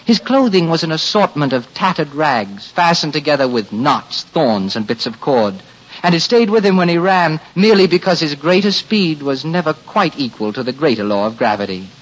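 Expressive male storybook narrator. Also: moderate pace, dull audio. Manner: expressive, swinging pitch with the story.

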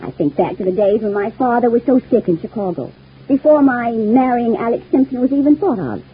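A clingy young widow gushes and confides in a husky, breathy voice that swoops up and down. It is 1940s radio soap acting. The sound is thin and tinny, like an old radio broadcast. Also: female voice, on the high side, expressive, brisk. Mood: confiding. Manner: gushing, wistful and intense.

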